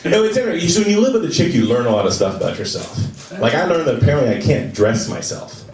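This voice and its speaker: A man performing a stand-up comedy set on a club stage, talking to the audience and jumping into high voices for the people he quotes. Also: very animated, fast talker, a little mellow. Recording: roomy live club sound from a distance. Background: audience laughing.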